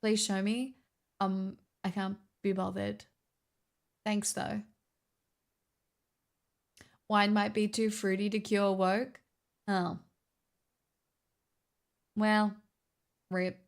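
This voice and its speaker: A woman's voice: mid-range voice, level tone, extremely slow, creaky, long pauses. A woman with a slightly Americanised Australian accent chatting casually on a livestream, rambling and swearing freely. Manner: rambling, swears, filler-heavy.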